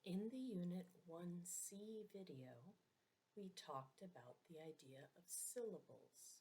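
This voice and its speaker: A woman's voice: fairly low pitch, expressive, measured pace, mellow. A woman teaching an English grammar lesson, speaking carefully and repeating example words for learners. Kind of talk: slow, deliberate language lesson. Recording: dull lo-fi recording.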